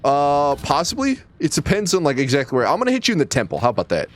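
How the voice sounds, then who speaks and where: A man's voice: on the high side, huge pitch swings, fast talker, a little hiss or hum. A man co-hosting a casual gaming chat, teasing his friends and laughing easily. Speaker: co-host.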